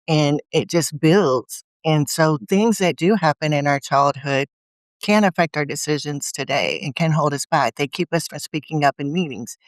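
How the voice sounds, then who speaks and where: A woman's voice: low voice, no room sound. A woman guest in a conversational interview, telling earnest stories and acting out her own inner voice. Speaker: guest speaker.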